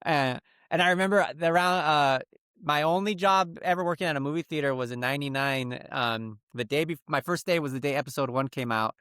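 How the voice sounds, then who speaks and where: Brief: male podcast co-host, slightly high voice, lively storyteller, dry close mic. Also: fairly quick, smooth, no room sound. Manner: animated storyteller, acts out quotes. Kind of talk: casual chat.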